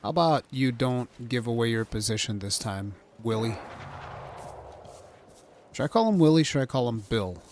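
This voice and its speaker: A man's voice: mid-range voice, animated, normal speed, pauses often, darkish tone, slight background noise. A man giving casual, joking commentary while playing a game on stream. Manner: joking, chatty, playful asides.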